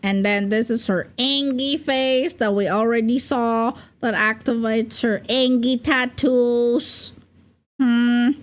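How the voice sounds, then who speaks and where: A woman's voice: on the high side, fairly even intonation, slow pace. A young adult woman chatting casually on a livestream as a VTuber, rambling and giggling with lots of fillers. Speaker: VTuber streamer.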